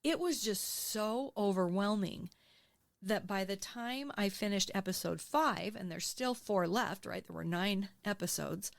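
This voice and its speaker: A woman in her sixties, a podcast guest, telling her own story in a candid, emotional, animated way and acting out what she said back then. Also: mid-range voice, unhurried, gravelly, dry recording, studio quality. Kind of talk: candid interview conversation. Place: podcast studio.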